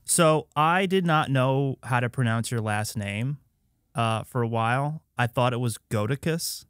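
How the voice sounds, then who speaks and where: A man's voice: medium pitch, unhurried, fairly bright tone, clean tone, no echo, studio quality. A man co-hosting a podcast, chatting enthusiastically. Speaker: podcast co-host. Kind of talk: casual chat.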